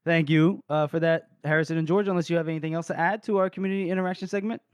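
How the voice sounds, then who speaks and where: Rambling, swearing podcast host, slightly high. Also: male voice, steady tone, rapid-fire, clean tone, no echo. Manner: rambling, swears a lot, laughs often. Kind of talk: casual book-discussion chat.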